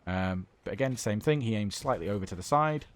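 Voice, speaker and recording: A man's voice: fairly low pitch, lively intonation, brisk. A British man giving enthusiastic, chatty commentary over a gameplay replay as a gaming YouTuber.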